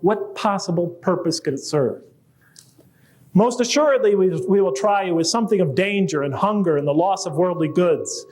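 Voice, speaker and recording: A man with a high, darkish-toned voice gives a conversational public lecture before a live audience. He poses rhetorical questions and reads quoted verses aloud.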